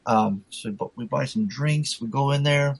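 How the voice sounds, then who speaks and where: A man's voice: medium pitch, normal speed, creaky, husky, dry recording, low-quality recording. A man telling a rambling, profanity-laced story in casual chat, full of fillers.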